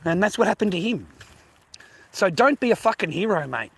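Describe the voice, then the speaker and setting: A man with a high-pitched voice, from the United States, tells his viewers a story while out walking. He rambles, swears freely and repeats his own phrases, now and then dropping to a hushed aside. It sounds like it is caught on a handheld phone outdoors. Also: very animated, moderate pace, slightly rough. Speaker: vlogger.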